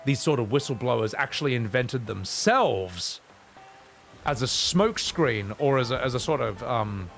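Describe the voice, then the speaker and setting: A man's voice: mid-range voice, animated, normal speed, gravelly, a bit bright, faint music behind. A man streaming a video game, talking casually in a rambling, profane way. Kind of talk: gaming stream commentary.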